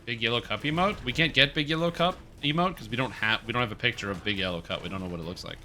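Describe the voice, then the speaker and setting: A man's voice: mid-range voice, rapid-fire, sharp tone, slight background noise. A man in his thirties streaming a game, joking and rambling as he reads chat aloud. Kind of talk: casual stream chat while gaming.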